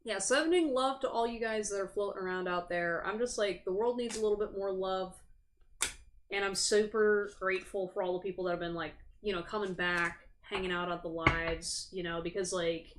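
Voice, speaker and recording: A woman's voice: mid-range voice, fairly even intonation, normal speed, slight background noise. Chatty, foul-mouthed woman tarot streamer. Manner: chatty, frank, swears freely; sympathetic and sassy. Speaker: tarot reader and livestream host. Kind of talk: casual livestream chat. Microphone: streaming setup.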